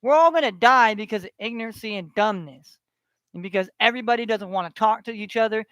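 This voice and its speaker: A man's voice: high-pitched, quick pace, bright, forceful tone, dry recording, lo-fi sound. A man delivering a heated, profane rant to his online audience, repeating himself as he builds his tirade. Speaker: online ranter.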